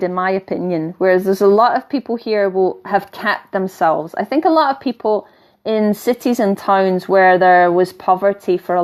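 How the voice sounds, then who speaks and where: A woman's voice: medium pitch, a little mellow. A woman with a mixed English and Scottish accent, teaching in a casual, blunt way and often checking in with her listeners. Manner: blunt and chatty, keeps asking "right?", swears lightly. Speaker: spiritual teacher.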